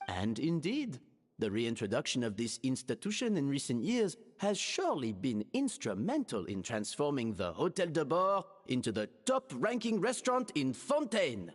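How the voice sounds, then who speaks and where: Grand, theatrical game host. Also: male voice, a little high. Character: theatrical adult man announcing a formal contest. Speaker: game character presiding over a cooking contest. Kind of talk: video game voice acting.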